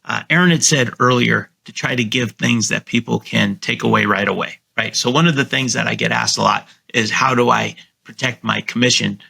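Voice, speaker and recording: A middle-aged man with a gravelly, husky voice and a bright, forward tone. He talks casually but confidently, coaching listeners and acting out the lines he uses on clients. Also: fairly quick, hardly any pauses. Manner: confident, coaching tone, acts out his sales pitch. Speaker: guest real estate agent. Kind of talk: casual podcast interview over a call.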